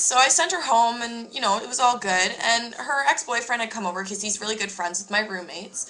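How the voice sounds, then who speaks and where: A woman's voice: a little high, animated, fairly quick, hardly any pauses, sharp tone, rough recording. A young woman casually telling a story to camera, candid and emphatic, swearing freely. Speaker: vlogger.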